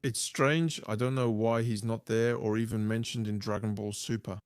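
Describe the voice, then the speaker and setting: A man's voice: fairly low pitch, fairly even intonation, normal speed, smooth, no room sound, studio quality. A man co-hosting a podcast in casual chat, easygoing, explaining things at length. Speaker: podcast co-host.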